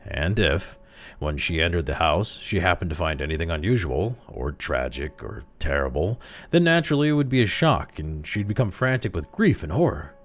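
Very deep-voiced male storyteller. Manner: expressive, slows down for tense moments. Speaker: story reader. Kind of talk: dramatic story narration.

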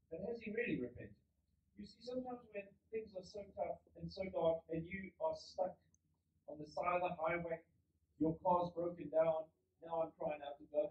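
South African pastor preaching in a roomy hall. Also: male voice, on the high side, normal speed. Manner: animated storytelling, acts out biblical characters. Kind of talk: sermon. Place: church hall. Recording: roomy, distant, slightly dull church recording.

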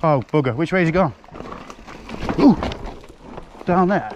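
Guy, helmet-cam bike vlog, unhurried shouts and laughs, muffled audio with loud trail noise outdoors. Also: a little high, expressive. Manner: exclaiming and laughing, breathless bursts. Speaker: mountain biker filming his ride. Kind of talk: excited ride commentary. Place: outdoors on a wooded hill trail. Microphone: helmet camera.

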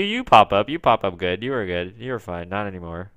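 A young man casually commenting while playing a video game, rambling, grumbling about lag, and breaking into sudden excited outbursts. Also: on the low side, moderate pace, hardly any pauses, clean tone, no echo. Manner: rambling, frequent swearing at lag and jumpy outbursts. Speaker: gaming video creator. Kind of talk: casual let's play commentary.

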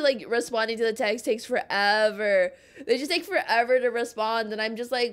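A woman's voice: fairly high pitch, measured pace, clear, resonant tone. Chatty young woman streaming a game. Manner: chatty, rambling, trails off and restarts with lots of fillers. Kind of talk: casual live-stream game commentary.

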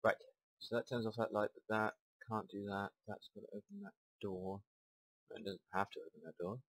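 A man's voice: fairly low pitch, fairly even intonation, brisk, low-quality recording. Young man muttering through a puzzle game. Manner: talks himself through puzzles, second-guessing aloud. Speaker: gamer. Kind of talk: let's play commentary.

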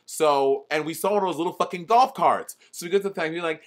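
A man's voice: a little high, fast talker. A man co-hosting a podcast, teasing and cursing freely as he dramatically retells stories in casual comic chat. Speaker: podcast co-host.

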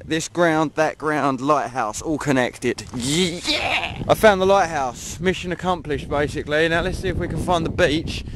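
English guy, casual walking vlog, jokey and self-mocking, mid-range voice, noisy outdoor camera audio. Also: mid-range voice. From England. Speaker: vlogger. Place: outdoors among dunes and woods, walking in rain.

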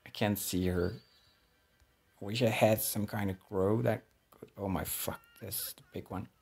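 Husky low-voiced man playing a game. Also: fairly even intonation, moderate pace, darkish tone, soft background music. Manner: jittery, swearing, talks to himself. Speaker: gameplay streamer. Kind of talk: casual gameplay commentary.

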